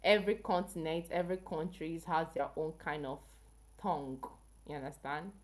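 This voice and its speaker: A woman's voice: sits low, steady tone, moderate pace. A woman from Africa hosting a casual health livestream, chatting with viewers and asking them questions. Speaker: health channel livestream host.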